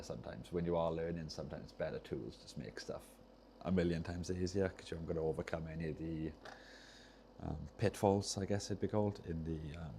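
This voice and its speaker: A man talks in a relaxed, meandering way at his workbench, often trailing off and restarting his thoughts. His voice sits very low and sounds soft and mellow. A faint hiss runs underneath. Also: gravelly. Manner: rambling, loses his train of thought, self-interrupting. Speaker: streamer repairing controllers. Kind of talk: casual livestream chat while soldering.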